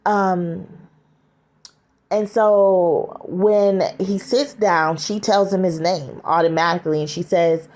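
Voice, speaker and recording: A woman casually retelling a story scene aloud, halting, with frequent fillers and restarts. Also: fairly low pitch, steady tone, darkish tone.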